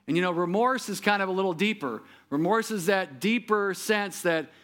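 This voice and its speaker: A man preaching a sermon who speaks straight to his listeners and drops soft and low for his solemn points. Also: moderate pace. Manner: repeats words when he restarts, talks straight to the listener. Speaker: pastor.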